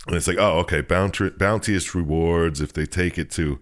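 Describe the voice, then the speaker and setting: A man co-hosting a podcast, casually recapping a video game's story and laughing often as he retells scenes. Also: deep voice. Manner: laughs often, retells with quick silly voices. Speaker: podcast co-host recapping a game. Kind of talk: casual chat.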